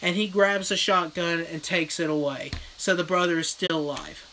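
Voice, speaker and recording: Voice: medium pitch, normal speed, slight background noise, poor audio. A horror vlogger in a casual livestream rant, retelling a film bluntly with lots of swearing. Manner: blunt, profane, animated storytelling. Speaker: horror vlogger reading live chat.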